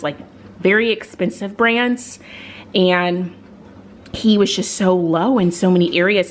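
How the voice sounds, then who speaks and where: A young woman chatting casually to camera in a vlog about her dogs, talking about their care and routine. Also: slight background noise. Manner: chatty, switches to high excited praise for the dogs. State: out of breath. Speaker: vlogger, dog owner.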